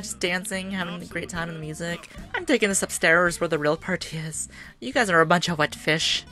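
A fairly low-voiced woman gives chatty, excitable game commentary, teasing and cheering the characters on. Faint game music plays underneath. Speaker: gaming channel host.

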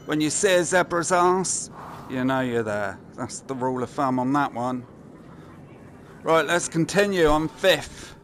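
A man's voice: fairly high pitch, animated, a little slow, slight background noise. A man giving casual, sweary commentary while playing a game and muttering to himself. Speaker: gameplay commentator. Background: game music.

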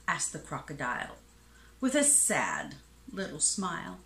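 A woman reading a children's picture book aloud in an expressive, sing-song rhyming way. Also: deep voice, takes it slowly. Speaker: storybook reader. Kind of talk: children's storybook read-aloud. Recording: echoey room.

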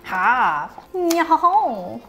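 A woman's voice: high-pitched, sing-song, very slow, fairly bright tone, slight background noise. A woman hosting a playful toy unboxing, cracking puns and making little sound effects and animal noises as she goes.

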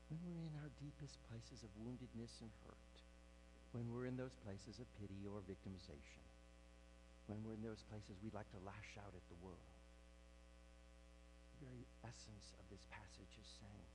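A man preaching a sermon as pastor, swinging from hushed near-whispers to loud, emphatic preaching. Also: mid-range voice, animated, moderate pace, pauses often, background noise.

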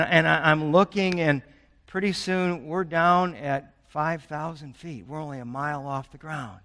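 A man's voice: on the high side, sharp tone. A man in his sixties preaching a sermon as pastor, earnest and urgent, mixing personal stories with scripture. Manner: earnest, building urgency with storytelling. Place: church sanctuary. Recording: long church reverb.

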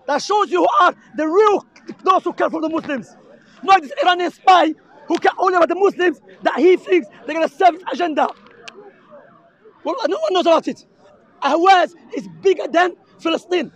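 A man with an Arabic accent, preaching heatedly and insistently to a crowd outdoors in a public park, repeating his points. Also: extremely high pitch. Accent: Arabic-accented English. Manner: impassioned, insistent, repeats himself. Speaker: street preacher debating a crowd. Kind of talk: heated street debate.

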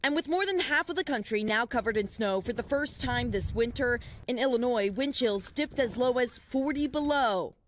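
A woman narrating a weather news report in a measured, emphatic voice-over. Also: a little high, lively intonation, a little hiss or hum. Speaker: news correspondent.

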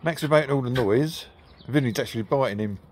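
A man's voice: medium pitch, fast talker, darkish tone, slight background noise. A man filming his dogs in a garden, teasing and cheering them on with a chatty, laughing manner. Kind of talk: casual talk to pets while filming. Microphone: handheld camera.

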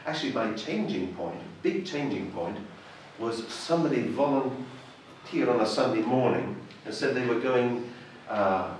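A man's voice: medium pitch, animated, measured pace, few pauses, a little hiss or hum. A man with an English accent giving a personal testimony, a self-deprecating storyteller who acts out the voices of people in his story. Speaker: church member giving a testimony. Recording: echoey room heard from a distance.

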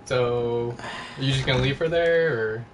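A man's voice: medium pitch, moderate pace, a little hiss or hum. A man on a gaming stream making wry, dry joking remarks. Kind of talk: casual livestream banter.

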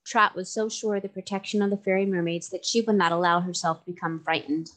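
A woman tutor reading a storybook chapter aloud in a clear, measured way. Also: on the low side, steady tone, fairly bright tone.

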